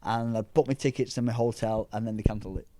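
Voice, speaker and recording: A man's voice: medium pitch, fast. Chatty middle-aged man telling stories. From England. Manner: rambling, animated anecdotes with restarts. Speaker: powerlifter guest. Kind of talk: casual storytelling chat.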